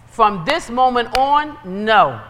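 A woman preaching a sermon in a lively, conversational way, building into urgent exhortations. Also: fairly high pitch, slow. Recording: long reverb of a large hall.

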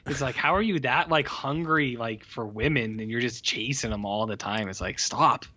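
A man's voice: mid-range voice, normal speed, sharp tone. A man co-hosting a podcast, griping about a film in casual, profane chat full of fillers. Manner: profane, exasperated, lots of fillers. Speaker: podcast co-host.

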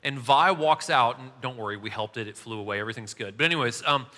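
A man's voice: mid-range voice, fast, pushed and bright. A man in his thirties preaching a casual sermon, telling funny family stories and laughing at himself. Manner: chatty, self-mocking, laughs at his own stories. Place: large church hall. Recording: hall reverb.

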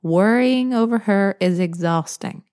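A woman's voice: medium pitch, unhurried, a little mellow, natural voice. Woman doing a teasing old grandmother. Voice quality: soothing, drawling.

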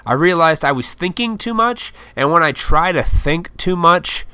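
A man's voice: on the high side, expressive, moderate pace, sharp tone, clean tone, dry recording. A man in his thirties, a YouTuber, in a casual, rambling, profane vlog monologue. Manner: rambling, profane, laid-back, self-deprecating.

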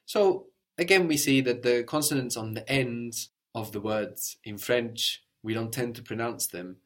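This is a man teaching a language lesson aloud at medium pitch. His pronunciation explanations are calm and steady, and he stops periodically to check his student with quick questions.

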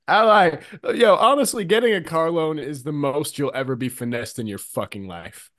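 A man's voice: on the high side, normal speed, a bit bright, no echo, clean studio sound. A man co-hosting a podcast in casual chat, joking and swearing expressively. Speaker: podcast co-host.

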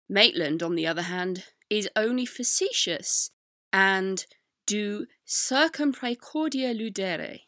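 A woman's voice: medium pitch, creaky, sharp tone, no room sound, studio quality. A woman hosting a history podcast, giving scripted narration with wry, sarcastic asides. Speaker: podcast host.

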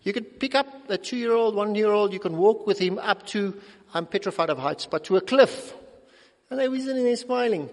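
A middle-aged male pastor preaches a sermon in a fairly high, gravelly voice at a brisk pace. He is animated, acting out quotations with sudden swings between loud and soft, and the long reverb of a large church hall surrounds his voice.

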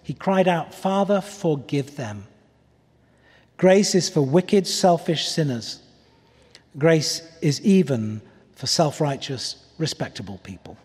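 Earnest pleading preacher guy, husky, voice echoing through a big church. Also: fairly high pitch, animated, unhurried. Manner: earnest, pleading, drops softly on key words. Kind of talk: sermon. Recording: long reverb of a large hall.

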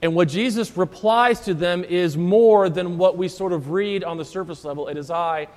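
High-voiced pastor preaching in a reverberant church. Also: male voice, moderate pace, a little mellow. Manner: explains scripture verse by verse, repeats key phrases. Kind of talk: sermon.

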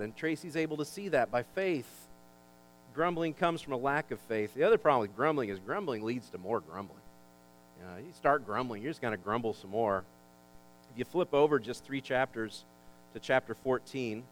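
A male pastor preaching a sermon, building in pitch and volume for emphasis, with folksy asides and jokes. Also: animated, normal speed, poor audio. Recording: faint mains hum.

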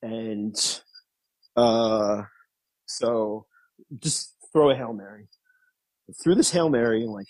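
A man in his thirties, a guest in an interview, telling stories casually, laughing often and acting out quotes in a higher voice. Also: slow, pauses often, a little mellow, low-quality recording. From New York. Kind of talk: casual storytelling.

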